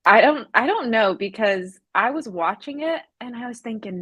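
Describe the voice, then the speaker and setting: A woman's voice: fairly high pitch, lively intonation, moderate pace, hardly any pauses, fairly bright tone, husky, no echo. A woman in her late twenties, a podcast guest, chatting casually and joking with easy laughter. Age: 20s. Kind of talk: casual chat.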